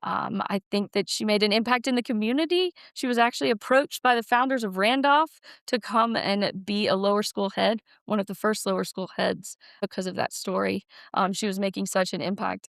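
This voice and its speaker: A woman's voice: mid-range voice, fairly quick, gravelly, hardly any pauses, no room sound, clean studio sound. A woman, a school's director of development, telling family stories earnestly in a casual podcast interview. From Alabama, USA. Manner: earnest storytelling, frequent ums.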